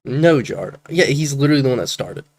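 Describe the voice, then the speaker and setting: A man's voice: medium pitch, animated, a little fast. A man streaming, reading chat messages aloud in casual commentary, hesitant and anxious, with casual swearing.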